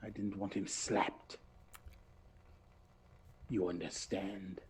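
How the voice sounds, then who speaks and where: A man's voice: deep voice, flat delivery, takes it slowly, a little mellow, a little hiss or hum. Man doing a blustering noble schemer. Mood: angry. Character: ambitious male noble schemer, cowardly when cornered.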